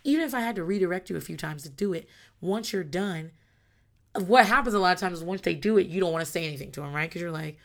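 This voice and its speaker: A woman talking about parenting in a frank, animated way, swearing freely and acting out her kids' and her own voices. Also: fairly low pitch, fast talker, gravelly. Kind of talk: casual talk to camera about parenting.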